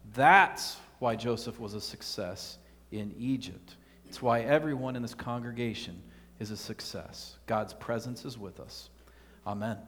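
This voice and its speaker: A man's voice: mid-range voice, long reverb tail. A man preaching a sermon as pastor, earnest, putting rhetorical questions to his congregation.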